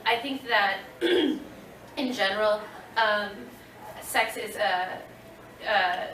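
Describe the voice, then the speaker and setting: A woman in her thirties with a slight twang, answering audience questions at a convention panel with lots of fillers and animated storytelling. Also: mid-range voice, recorded from a distance, slight background noise. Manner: chatty, many fillers, animated retelling. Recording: echoey room recorded from afar.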